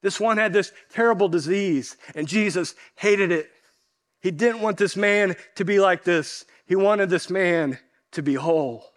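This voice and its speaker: A male pastor preaching a sermon in an earnest way, often dropping softer at the end of a point and repeating phrases for emphasis. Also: high voice, a little slow.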